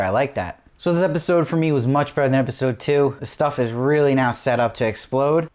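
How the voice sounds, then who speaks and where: Man reviewing a TV episode. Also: mid-range voice. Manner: enthusiastic, asks lots of rhetorical questions. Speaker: TV review host.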